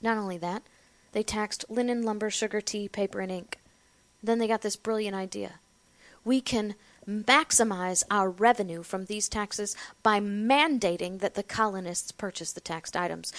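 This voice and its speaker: A woman giving an impassioned political speech, building to loud, emphatic declarations and then dropping low. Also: moderate pace. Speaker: political speaker.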